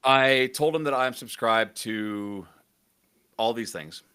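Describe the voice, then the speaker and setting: A man's voice: mid-range voice, takes it slowly, clear, resonant tone. A man co-hosting a live show, telling stories in a casual, joking chat and laughing often. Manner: animated, laughing storyteller. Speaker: co-host.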